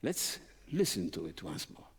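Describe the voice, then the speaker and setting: A man leading a violin masterclass sings phrases in syllables with a low-sitting, sing-song, slightly breathy voice. Between phrases he talks through tempo and dynamics haltingly, using many fillers, and the room carries a long hall reverb.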